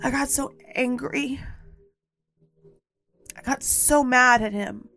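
A woman's voice: high voice, slow, vocal fry, sharp tone. Candid, emphatic woman podcast host. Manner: candid, emphatic storytelling with repetition; blunt, occasionally swears. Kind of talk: personal podcast monologue.

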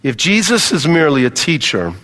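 A man's voice: on the high side, sing-song, fairly quick, fairly bright tone, in a large hall. A male pastor preaching a sermon, emphatic, repeating key phrases and calling on the congregation to respond.

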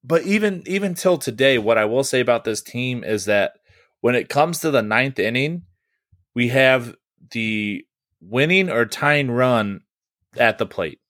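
A man's voice: mid-range voice, lively intonation, measured pace, a bit bright, no room sound, clean studio sound. A man co-hosting a baseball podcast, talking loosely with lots of fillers and swearing. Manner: loose and profane, many fillers. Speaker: podcast co-host. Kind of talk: casual sports podcast chat.

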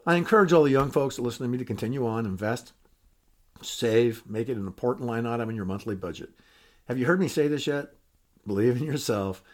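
Older male podcast host, retired, mid-pitched, candid and self-deprecating, a folksy monologue. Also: lively intonation, a little fast.

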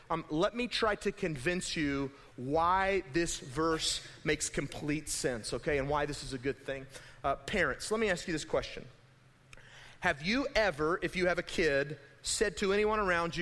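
A young adult man, a pastor, giving a conversational, animated sermon in a church and acting out imagined voices. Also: on the high side, normal speed. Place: church sanctuary. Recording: hall reverb.

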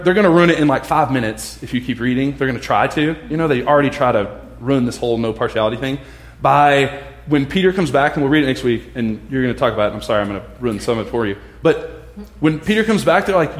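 A man preaches in a casual, conversational way, his slightly high voice jumping into acted-out voices. The sound carries a roomy echo. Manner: animated, acts out voices of others. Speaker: pastor. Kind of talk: casual sermon. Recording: echoey room.

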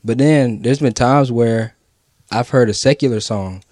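Male co-host, casual and slangy, mid pitch, dry close-miked sound. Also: unhurried, dry recording. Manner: relaxed, slangy, conversational. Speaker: podcast co-host. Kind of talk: casual chat about prayer.

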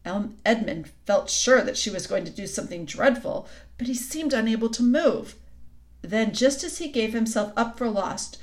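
A woman narrating a children's book aloud in a calm, even storytelling manner. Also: mid-range voice.

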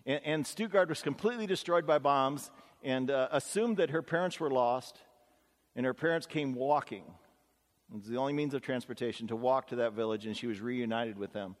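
A middle-aged male pastor tells stories from the pulpit in a folksy, earnest way, peppering his talk with 'uh' and 'you know'. His voice sits at an ordinary pitch for a man and carries a long reverb tail from the church hall. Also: a little fast. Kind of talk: conversational storytelling sermon. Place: church sanctuary.

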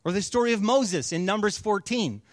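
A man's voice: high-pitched, expressive, normal speed, dry recording, clean studio sound. A man preaching a sermon, telling stories in a conversational, casual way. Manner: conversational storytelling. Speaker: pastor.

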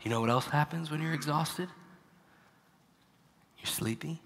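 A male pastor preaching a sermon, dropping to hushed, near-whispered lines and then rising to loud, emphatic preaching. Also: a little high, unhurried, in a large hall, slight background noise.

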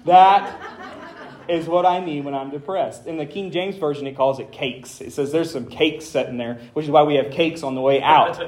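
A man's voice: a little high, normal speed, a little mellow. A man preaching a conversational sermon as pastor, with dry humor and dramatic emphasis when reading scripture.

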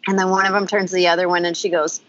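Woman, animated storyteller who laughs mid-sentence, chatty co-host, slightly lo-fi sound. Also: lowish voice, very fast, dry recording. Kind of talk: casual chat. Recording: slightly dull lo-fi recording.

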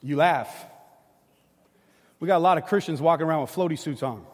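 Pastor guy, kinda high voice, telling a story mid-sermon, big echoey hall. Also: brisk, slightly rough. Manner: storytelling, animated and conversational. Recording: long hall reverb.

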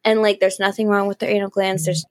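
A woman's voice: medium pitch, little pitch movement, quick pace, a little mellow. A woman co-hosting a podcast in casual chat, swearing a lot, giggling and exclaiming. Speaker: podcast co-host.

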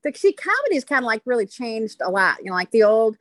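Rambling middle-aged woman, high-pitched. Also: quick pace, no echo. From Chicago. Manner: rambling, animated storyteller. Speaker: stand-up comedian. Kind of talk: casual interview chat.

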